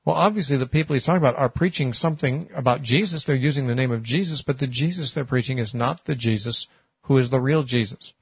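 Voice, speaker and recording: A man's voice: mid-range voice, quick pace, breathy edge, no echo. A man giving a sermon-style Bible teaching, talking conversationally with frequent "uh" and "you know". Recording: muffled, lo-fi recording.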